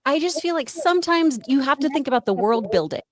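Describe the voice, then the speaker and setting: A woman co-hosting a casual film chat, talking in a thoughtful, expressive way. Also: high voice, fast talker, no echo.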